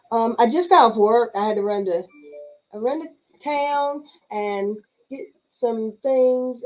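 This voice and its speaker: Middle-aged lady doing a casual livestream, mellow voice, laughing and saying hey to chat by name. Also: medium pitch, low-quality recording. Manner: chatty, greets viewers by name, laughs often. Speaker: livestream host. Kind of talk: casual chat reading live comments.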